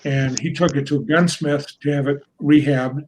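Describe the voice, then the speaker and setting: Man telling a relaxed anecdote. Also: a little high, normal speed, a little hiss or hum, low-quality recording. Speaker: writer.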